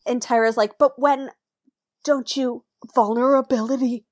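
A young woman co-hosting a casual recap podcast, quick and chatty. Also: on the high side, steady tone, a little mellow, dry recording, studio quality. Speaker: podcast co-host.

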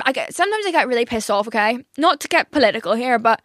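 A woman's voice: on the high side, fast, dry recording, clean studio sound. A young woman with a Northern Irish accent, hosting a podcast and telling a story in a rambling, swear-filled way with lots of filler words. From Northern Ireland. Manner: rambling, heavy on filler words, swears freely, animated venting. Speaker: podcast host. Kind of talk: casual storytelling monologue. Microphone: studio podcast mic.

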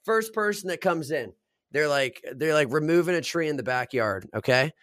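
A man's voice: a little high, normal speed, no echo, studio quality. A man in his twenties, a podcast co-host, telling stories in casual chat with plenty of swearing. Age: 20s. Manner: swears a lot, animated storytelling.

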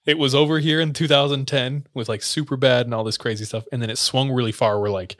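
A young man in casual chat, telling stories with frequent laughter and quiet quoted asides. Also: medium pitch, fairly even intonation, quick pace. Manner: laughing storyteller, drops into quiet quoted voices.

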